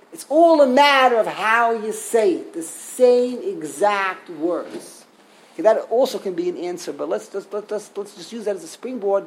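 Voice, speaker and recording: A man's voice: high voice, rough recording. A man, a rabbi, giving a Torah sermon, asking rhetorical questions and often repeating and restarting his words.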